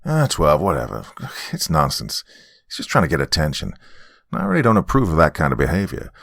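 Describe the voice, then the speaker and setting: A man's voice: a bass voice, huge pitch swings, a little fast, creaky, fairly bright tone, dry recording, studio quality, full character voice. A man voicing a dismissive middle-aged father who scoffs and stammers defensively. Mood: scoffing.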